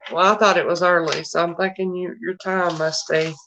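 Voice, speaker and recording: A woman's voice: fairly low pitch, level tone, normal speed, a bit bright, slight background noise, poor audio. A middle-aged woman with a Southern US accent, chatting casually with viewers on a live stream in a homey, friendly way. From United States. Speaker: livestream host.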